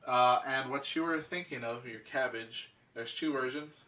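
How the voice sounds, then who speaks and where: A man hosting a casual podcast, his voice bright and pushing forward. He rambles easily and swears freely while he banters with friends. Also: medium pitch, moderate pace, recorded from a distance. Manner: relaxed, profane banter. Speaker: podcast host. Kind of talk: casual chat.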